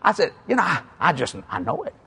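A man's voice: on the high side, quick pace, vocal fry, slightly rough. A man in his sixties with a Cajun South Louisiana accent, telling humorous stories in a sermon and acting out both sides of conversations. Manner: animated, acts out both sides of dialogues, chuckling asides. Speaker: preacher.

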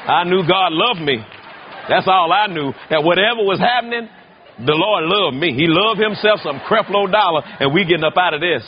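A man preaching a sermon, telling stories in an animated way with big swings in pitch. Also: normal speed, a crowd in the background, noisy background. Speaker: pastor. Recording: dull lo-fi sound.

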